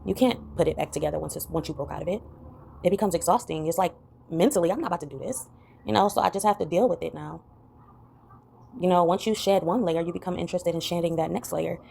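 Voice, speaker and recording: A woman's voice: quick pace, warm tone, slight background noise. A woman talking reflectively in a personal vlog, rambling and full of "you know" fillers. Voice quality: gravelly low voice. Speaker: vlogger.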